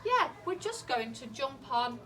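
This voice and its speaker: A woman teaching a maths lesson to a class of young children, slowly asking questions, encouraging their answers and repeating them back. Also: high-pitched, very animated, pushed and bright, a little hiss or hum. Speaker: early years teacher.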